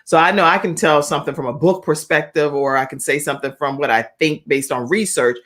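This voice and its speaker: A woman hosting a live online talk show, chatty, reading viewer comments aloud with lively emphasis. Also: low-pitched, fairly quick. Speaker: host.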